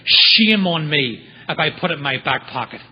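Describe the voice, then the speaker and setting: A man's voice: fairly high pitch, normal speed, slightly rough, lo-fi sound. A man speaking at a recovery meeting, telling his story with humor and acting out the voices of people in it. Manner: animated storyteller acting out quotes.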